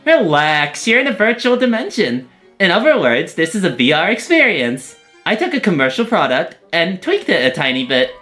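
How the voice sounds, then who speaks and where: Streamer doing an excitable female scientist horse girl; rapid lecturing, soft music bed. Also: medium pitch. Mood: gleeful. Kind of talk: game story read-along.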